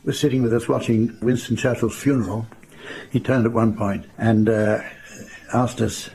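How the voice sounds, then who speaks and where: An older man from England telling wry, dry family anecdotes in an unhurried storytelling style. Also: mid-range voice, steady tone, mellow, husky. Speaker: raconteur. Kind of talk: anecdotal storytelling to a live audience.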